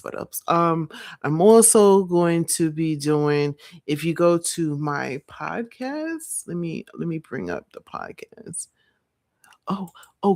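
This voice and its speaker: A woman vlogging late at night, chatting casually and rambling to her viewers, sounding tired and breaking into excited squeals. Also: sits low, no echo, clean studio sound.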